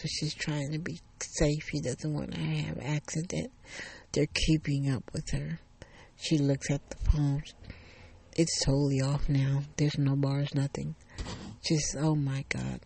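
A man retelling a thriller story in a casual, halting way, often repeating phrases and restarting. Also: a little high, level tone, creaky, a little mellow, husky.

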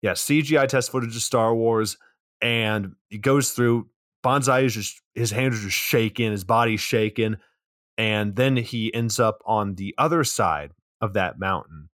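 A man's voice: on the low side, a little slow, a bit bright, no echo. A man co-hosting a podcast, casually recapping a movie with loose plot summary, swearing and dry asides. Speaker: podcast co-host.

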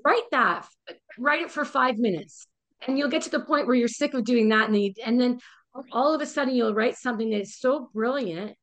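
A woman's voice: fairly high pitch, fairly quick, a bit bright. Frank woman wellness coach guest. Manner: frank, encouraging advice with casual swearing. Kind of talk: casual podcast conversation.

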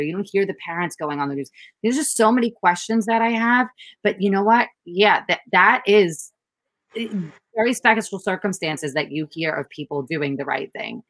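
A woman's voice: medium pitch, normal speed, no room sound, low-quality recording. A woman chatting casually, telling stories animatedly and acting out what people said. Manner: animated storytelling, acts out quotes. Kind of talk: casual chat.

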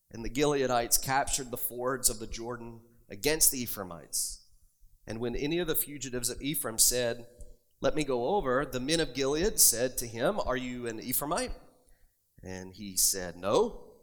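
A man preaching from the pulpit, building his points with emphatic, rising force as he reads and explains scripture. His voice sits in a middle register, neither high nor low. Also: animated, normal speed. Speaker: pastor. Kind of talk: sermon.

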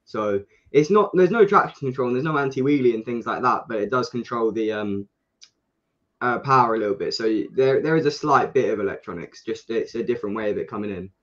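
A young man speaks with a Kent English accent in a relaxed podcast chat. He explains things at length, restarting sentences and leaning on fillers. His voice comes over a dull, lo-fi connection at an ordinary middle pitch. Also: a little fast. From England, Kent. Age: young adult. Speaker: guest, junior supersport racer.

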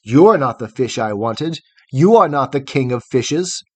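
A man voicing a proud, boastful young male hero who shouts scornful challenges in a storybook poem. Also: medium pitch, lively intonation, unhurried, breathy edge, no room sound.

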